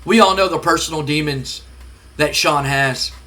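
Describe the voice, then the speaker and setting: A man's voice: on the high side, normal speed, sharp tone. A man doing an arrogant sneering wrestler. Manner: sneering, boastful. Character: arrogant young male wrestler, scornful.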